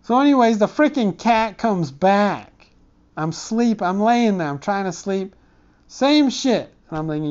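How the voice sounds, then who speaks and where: A man telling a rambling comic story, cursing often and wandering off topic, in a dark room. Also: high-pitched, lively intonation, normal speed, smooth, muffled recording. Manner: rambling, profane, digressive. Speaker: comedic storyteller.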